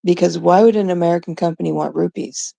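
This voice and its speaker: A woman's voice: on the low side, fairly even intonation, fast talker, gravelly, warm tone, no room sound. A middle-aged woman from Canada ranting casually and profanely to her viewers. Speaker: vlogger. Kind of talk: casual rant to camera.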